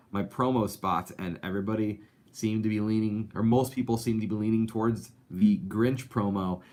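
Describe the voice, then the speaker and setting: A man with a lowish, somewhat dark voice hosts a live animation talk show, chatting casually and reading out viewer comments. He comes across chatty and upbeat, rambling and using lots of fillers.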